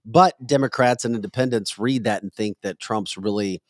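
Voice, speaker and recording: A man's voice: lowish voice, normal speed, no echo, studio quality. A man hosting a podcast, chatting casually about politics in an emphatic, joking way that slides into a scolding tone. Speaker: podcast host.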